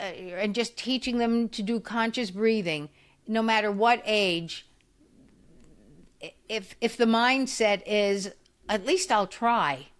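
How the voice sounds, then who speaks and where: A woman's voice: a little high, clean tone. Woman in her eighties telling stories. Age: 80s. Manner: animated storyteller who acts out quoted voices. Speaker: physical therapist guest. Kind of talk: storytelling in a podcast interview.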